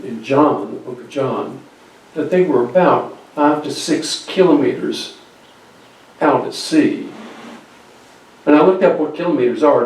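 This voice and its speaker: A male pastor telling a Bible story in a conversational sermon with halting restarts, recorded from a distance in an echoey church. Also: medium pitch, a little mellow. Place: church sanctuary. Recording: very echoey hall, distant mic.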